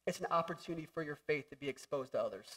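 Young male pastor with a high voice, animated and jokey, preaching on a stage mic. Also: racing, far from the mic. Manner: animated, jokey, acts out voices and shouts for emphasis. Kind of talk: sermon. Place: church hall.

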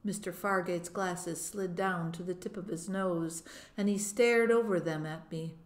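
A woman narrating an audiobook, telling the story in a measured way. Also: fairly low pitch, fairly even intonation. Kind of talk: audiobook reading. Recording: roomy echo.

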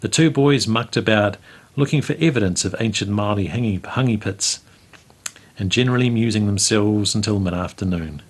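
A man, reading a memoir aloud in a measured, storytelling way as the show's host. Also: lowish voice, husky. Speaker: host reading local history stories. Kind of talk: read-aloud memoir narration.

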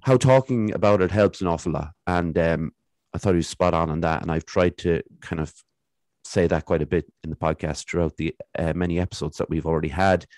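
A man hosting a podcast, introducing a guest in a relaxed way with plenty of fillers. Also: low voice, fairly quick, no echo, studio quality. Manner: relaxed, filler-heavy delivery. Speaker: podcast host.

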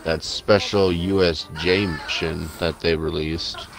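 A man's voice: sits low, steady tone, slow, vocal fry. A man hosting a gaming session, chatting casually and rambling through gameplay arguments. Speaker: gaming channel host. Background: loud game music.

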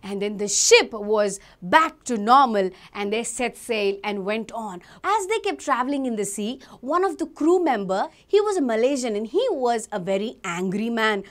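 High-voiced woman telling a Bible story. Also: normal speed, few pauses. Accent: Indian English. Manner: animated, asks children questions. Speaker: Sunday school teacher.

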